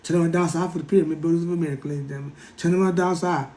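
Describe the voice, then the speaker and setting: A man hosting a livestream, lecturing in a casual, animated way, repeating himself and talking straight to his chat. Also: fairly high pitch, racing, reverberant. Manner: animated, repetitive, keeps addressing the chat. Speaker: livestream host.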